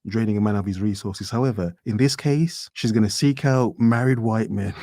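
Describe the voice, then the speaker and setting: A man's voice: lowish voice, moderate pace, mellow, no room sound, clean studio sound. A man hosting a reaction video, rambling and mocking, keeps insisting he is only joking. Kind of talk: casual commentary.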